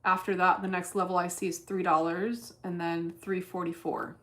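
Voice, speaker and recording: A woman's voice: on the low side, level tone, normal speed, fairly bright tone. A woman streaming her day trading in casual chat, blunt and cursing freely as she thinks aloud. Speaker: livestreamer trading stocks.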